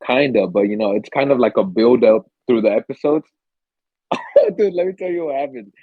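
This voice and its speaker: A man's voice: medium pitch, normal speed, no echo, narrow, tinny audio. A young man co-hosting a podcast, chatting casually and telling stories with lots of swearing, acting out the screams and gasps. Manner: animated storyteller, swears freely, acts out screams and gasps. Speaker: podcast co-host. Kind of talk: casual chat.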